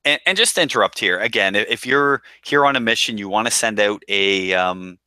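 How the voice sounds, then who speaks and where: A man's voice: fairly low pitch, a little fast, bright, forceful tone, clean tone, no echo. A man co-hosting a podcast, chatting casually about an episode and talking with plenty of restarts and military jargon. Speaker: podcast co-host. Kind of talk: casual chat.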